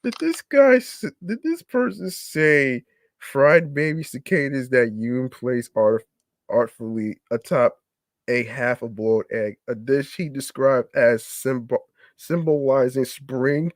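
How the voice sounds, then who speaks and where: A man's voice: medium pitch, slow, no echo. A man hosting a podcast, reading a news story aloud and reacting in disbelief, with stumbling restarts and repeated words. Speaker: podcast host.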